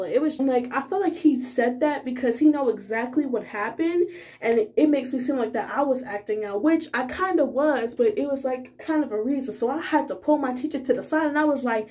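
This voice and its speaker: A young woman with a high, light voice tells a casual story to her viewers. She rambles loosely and fills her sentences with constant fillers. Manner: rambling, filler-heavy, animated retelling. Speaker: vlogger.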